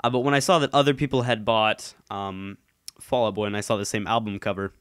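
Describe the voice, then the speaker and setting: A man's voice: on the low side, steady tone, a little fast, a bit bright, clear, resonant tone, no echo, clean studio sound. A man chatting casually on his channel, rambling with lots of ums and restarts, a little congested. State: slightly congested. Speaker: YouTube commentator. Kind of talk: casual solo chat. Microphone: headphones, desk mic.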